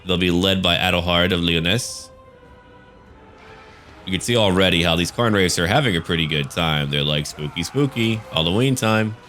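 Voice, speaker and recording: A man's voice: low-pitched, moderate pace, pauses often, sharp tone, faint music behind. A man casually commenting on a strategy game battle, chatty and joking. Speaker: gaming channel host.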